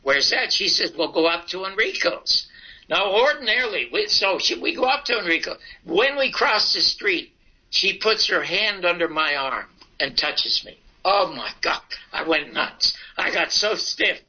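An older man, a comedian, telling anecdotes from his career in a casual, animated way and acting out the dialogue. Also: high-pitched, unhurried. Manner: animated, acts out quoted dialogue. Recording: muffled lo-fi recording.

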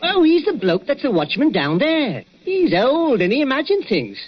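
An actor who calls everyone governor. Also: male voice, very high-pitched, wildly swooping pitch, normal speed, heavily acted. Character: chatty Cockney night watchman at a waxworks. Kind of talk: 1940s radio acting. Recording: lo-fi old radio broadcast with hiss.

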